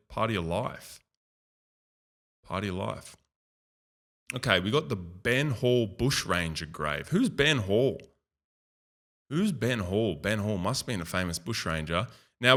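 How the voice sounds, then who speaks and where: A man's voice: on the low side, fairly bright tone. An Australian man hosting a video, giving casual, rambling commentary and often repeating himself. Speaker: video host. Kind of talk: casual commentary over a screen tour.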